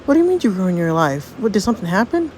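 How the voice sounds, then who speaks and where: A woman voicing a loyal teenage boy who reassures his friend, excitable at times. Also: medium pitch, quick pace, slight background noise, natural voice. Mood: supportive.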